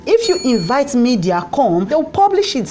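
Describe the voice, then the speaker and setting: A woman's voice: high-pitched, very animated, moderate pace, mellow, a little hiss or hum. A woman speaking English with a Nigerian Pidgin accent, giving an opinion commentary in an impassioned, pleading way, often repeating her points.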